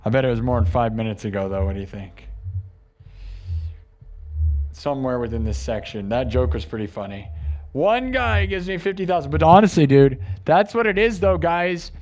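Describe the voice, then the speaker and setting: A man hosting a live stream, rambling excitedly to his chat. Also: medium pitch, moderate pace.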